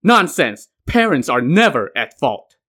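A man voicing a stern young male Taoist who shouts rebukes, in a podcast myth retelling. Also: fairly high pitch, animated, moderate pace. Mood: scolding.

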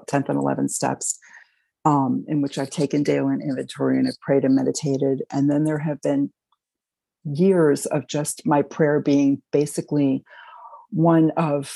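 A middle-aged woman with a husky, gravelly voice shares her recovery story in a halting, emotional manner. Her tone is dark and mellow, and the sound is dry and close. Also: rumbling low, dry recording, low-quality recording. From Baltimore, Maryland. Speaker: recovery meeting speaker. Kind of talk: personal sharing.

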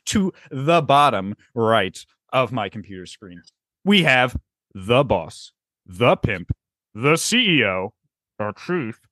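A man's voice: mid-range voice, sing-song, takes it slowly, bright, forceful tone, dry recording, studio quality. A man hosting a podcast over a video call, joking around, laughing often and firing off questions. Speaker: podcast host. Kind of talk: casual chat.

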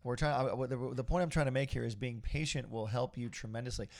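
A middle-aged man hosts a podcast in casual conversation. His voice has a gravelly texture at a medium pitch. He rambles a little, upbeat and motivational. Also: fast talker. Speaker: podcast host.

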